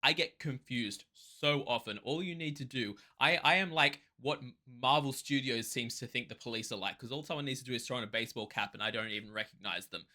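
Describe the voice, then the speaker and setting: A man from Australia hosting a music reaction channel, talking in an excitable, rambling way with quick restarts. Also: mid-range voice. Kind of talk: casual reaction commentary.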